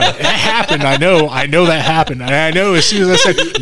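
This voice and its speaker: A man's voice: on the high side, brisk, few pauses, over a noisy crowd. A man, a wrestler co-hosting a podcast, telling a road story in casual chat, swearing freely and acting out everyone's dialogue.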